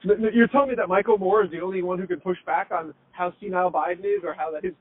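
Fast-talking man on a tinny line. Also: sits high. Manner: animated, questioning, swears casually. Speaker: podcast co-host. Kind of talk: casual podcast chat. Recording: tinny phone-like sound.

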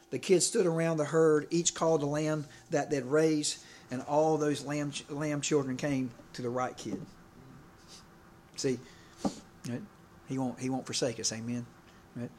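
A man preaching a sermon in a loose, conversational way, his voice sitting a little higher than most men's. He repeats words as he goes and keeps checking in with the congregation for an amen. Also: darkish tone. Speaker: pastor.

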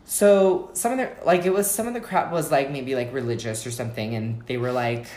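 Animated gossiping man, echoey room. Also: brisk. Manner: animated storyteller, acts out quotes with big pitch jumps. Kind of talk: casual chat. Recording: roomy echo.

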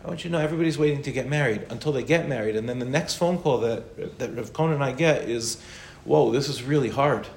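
A man's voice: medium pitch, fast talker, gravelly, few pauses, a little mellow. A man, a rabbi, giving an informal Torah class in a conversational way, mixing in Hebrew and Yiddish terms. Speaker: rabbi answering questions. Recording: roomy echo with faint noise.

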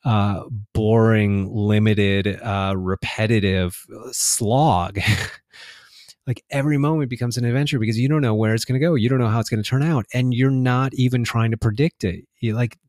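A man's voice: medium pitch, fairly even intonation, moderate pace, darkish tone, no echo, clean studio sound. A man talking reflectively in a casual spiritual conversation, laughing often and restarting his sentences.

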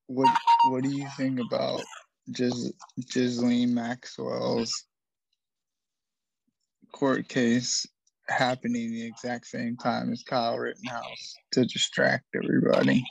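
A young man co-hosting a casual podcast chat, making blunt deadpan remarks. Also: mid-range voice, slow pace, gravelly, husky, dry recording, poor audio. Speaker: podcast co-host.

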